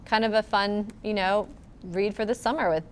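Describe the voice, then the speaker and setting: A woman, a children's librarian co-hosting a casual chat about books, talking in a relaxed way full of fillers, recorded in a library. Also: medium pitch, normal speed, a little hiss or hum. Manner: relaxed, lots of "like" and "you know" fillers. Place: public library.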